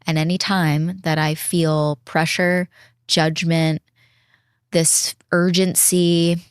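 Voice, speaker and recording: A woman in her thirties speaking as a podcast guest in an earnest, reflective way, slowing down to stress her points. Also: deep voice, flat delivery, smooth, dry recording, studio quality. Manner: earnest, reflective, slows down when emphasizing. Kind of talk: casual heartfelt conversation.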